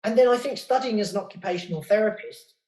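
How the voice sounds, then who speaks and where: A man's voice: sits high, fast talker, darkish tone. A middle-aged British man talking candidly in an interview, rambling, swearing freely and stumbling over repeated words as he thinks. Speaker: podcast guest and podcast host. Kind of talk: candid casual interview chat. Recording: roomy echo.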